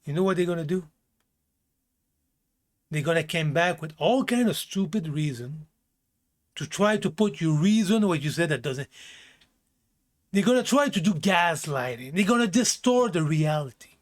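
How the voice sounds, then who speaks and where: A man with a slightly high voice delivers blunt self-help talk, straight to the viewer. He swears freely and hammers his points by repeating them. His grammar slips here and there as he speaks. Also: lively intonation, normal speed, long pauses. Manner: blunt, emphatic, swears often, repeats phrases. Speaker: vlogger giving life advice. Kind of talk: casual self-help rant.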